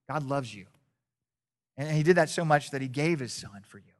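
A male pastor delivering a sermon to his congregation in a church. He rises to loud, pressing exhortation and drops to a hushed storyteller's tone, often stumbling over repeated words. His voice sits at an ordinary middle pitch for a man. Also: lively intonation, moderate pace, pauses often.

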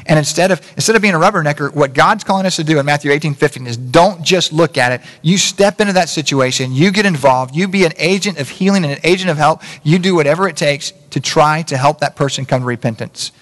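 A man's voice: a little high, fairly bright tone. A man preaching a conversational sermon, full of rhetorical questions and self-corrections. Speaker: pastor. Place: church sanctuary. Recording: long reverb of a church hall.

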